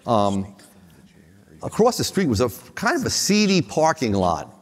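A man's voice: mid-range voice, huge pitch swings, unhurried. An older man on a conference panel, telling anecdotes with frequent restarts and chuckles. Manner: rambling, many restarts, chuckles at own stories. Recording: long reverb of a hall.

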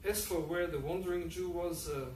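A man reading his own fiction aloud at a public event, halting with frequent fillers. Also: high-pitched, fairly even intonation, darkish tone. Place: event hall. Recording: echoey room, distant mic, faint noise.

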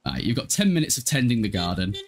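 A man's voice: fairly low pitch, sing-song, fast, slight background noise. Chatty laughing man from Hull. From Hull, East Yorkshire, England. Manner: chatty, laughs often, swears casually. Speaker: gaming livestreamer. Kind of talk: casual gameplay livestream chat.

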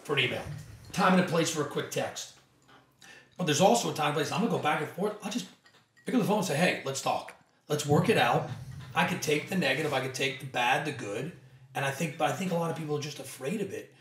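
A man's voice: fairly high pitch, lively intonation, fast talker, a bit bright, reverberant, distant mic, a little hiss or hum. A man who is a company co-founder, speaking as a podcast guest with an emphatic, persuasive manner. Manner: emphatic, persuasive, acts out quoted dialogue. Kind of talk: energetic conversational interview.

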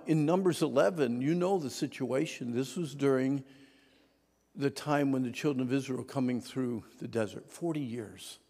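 Gravelly guy preaching sunday school, goes from whispers to shouting, big church echo. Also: mid-range voice. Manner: dramatic swings from whispers to shouting; asks the audience to repeat words. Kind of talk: sermon to a mixed audience of adults, teens and kids. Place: church hall. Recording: long reverb of a church hall.

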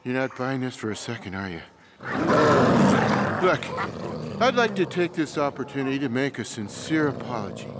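A man's voice: medium pitch, very animated, normal speed, pauses often, heavy background noise. An actor voicing a lazy, sarcastic male orange cat in a cartoon, with a smug drawl. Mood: panicky. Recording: music bed under dialogue.

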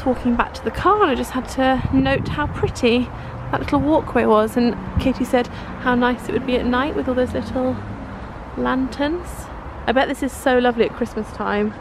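A woman's voice: high-pitched, moderate pace, noisy background. A woman in her thirties chatting casually while vlogging a shopping trip. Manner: chatty, giggly. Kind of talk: casual road trip chat.

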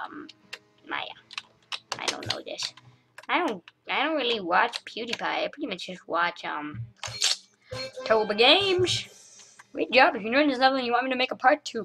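A woman's voice: a little high, sing-song, moderate pace, long pauses, music in the background, rough recording. A woman giving playful, casual commentary on a game as she plays, reading level titles aloud and joking along the way. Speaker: gaming channel host.

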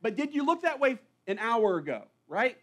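A man's voice: very high-pitched, very animated, normal speed, a bit bright. A man preaching a sermon to a church congregation, conversational and full of rhetorical questions. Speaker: pastor. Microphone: live church recording.

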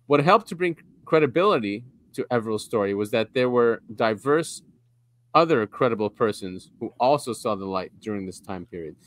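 A man's voice: medium pitch, moderate pace, no room sound. Laid-back man co-hosting a podcast. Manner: relaxed, chuckling, reads articles aloud. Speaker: podcast co-host. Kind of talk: casual podcast chat.

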